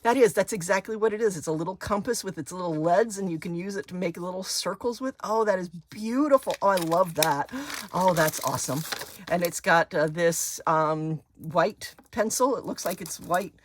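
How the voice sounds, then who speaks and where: A woman's voice: fairly low pitch, moderate pace, slight background noise. Gushing woman unboxing craft supplies. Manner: gushing, excited, squeals with delight over items. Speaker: craft channel host. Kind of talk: chatty unboxing vlog.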